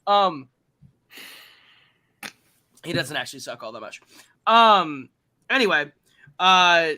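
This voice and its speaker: A man's voice: fairly high pitch, sing-song, takes it slowly, bright, forceful tone. A man hosting a podcast, recapping a film in a casual, rambling and profane way, with lots of ums and uhs. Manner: rambling and profane, heavy fillers. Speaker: podcast host.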